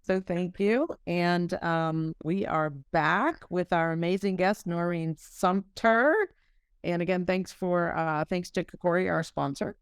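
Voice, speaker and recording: A woman hosting an interview podcast, measured and asking clarifying questions. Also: fairly low pitch, fairly even intonation, smooth, no echo, studio quality. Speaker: podcast host.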